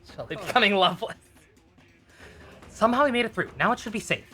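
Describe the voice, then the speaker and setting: Casual game streamer, mid-pitched and bright, rambling commentary with swearing and laughter. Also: animated, fast talker, soft background music. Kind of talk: casual let's play commentary.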